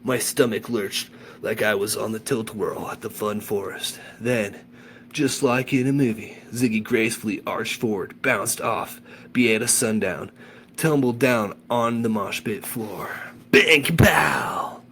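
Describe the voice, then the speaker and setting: A man reading a children's novel aloud with animated enthusiasm, then chatting about the chapter. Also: on the low side, a little slow, slight background noise. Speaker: audiobook reader.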